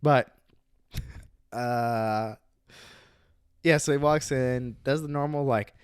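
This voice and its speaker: A man's voice: medium pitch, takes it slowly, smooth, dry recording. A young man co-hosting a podcast, telling rambling stories in casual chat, full of fillers, on a close dry mic. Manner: rambling storyteller, filler-heavy. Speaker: podcast co-host.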